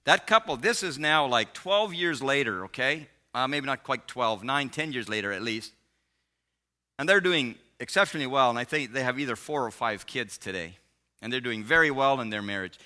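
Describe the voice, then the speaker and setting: A man speaking at a marriage seminar, telling a story in an animated way and often laughing. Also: medium pitch, moderate pace. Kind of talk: storytelling sermon.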